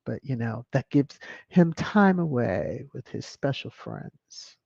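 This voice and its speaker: A woman's voice: extremely low pitch, sing-song, takes it slowly, creaky, mellow, no room sound, highs cut off. A woman hosting a casual livestream, reading viewer comments aloud with a playful, teasing manner and frequent chuckles. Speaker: livestream host.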